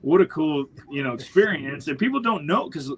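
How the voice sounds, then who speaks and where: Animated storytelling man from Ontario. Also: a little high, moderate pace, a little hiss or hum, low-quality recording. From northwestern Ontario, Canada. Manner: animated storyteller, acts out quoted voices. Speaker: podcast host. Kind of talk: casual chat.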